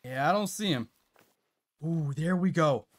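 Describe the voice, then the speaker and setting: A man streaming a hunting game live, chatting to viewers and reacting out loud to what happens on screen. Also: on the high side, measured pace. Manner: chatty, reacts loudly with laughs and gasps. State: out of breath at times. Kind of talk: live gameplay commentary.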